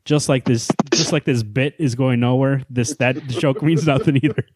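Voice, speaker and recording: A man's voice: mid-range voice, steady tone, moderate pace, darkish tone, dry recording, studio quality. A man co-hosting a comics podcast in casual chat, playful and prone to rambling joke stories. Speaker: podcast co-host.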